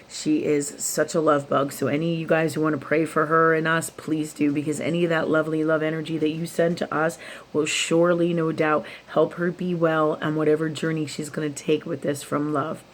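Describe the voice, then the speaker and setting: A woman's voice: low voice, flat delivery, brisk, a little hiss or hum. A woman hosting a late-night spiritual vlog, talking casually and rambling with laughs and restarts. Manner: rambling, with laughs and self-talk quotes. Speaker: spiritual YouTube host.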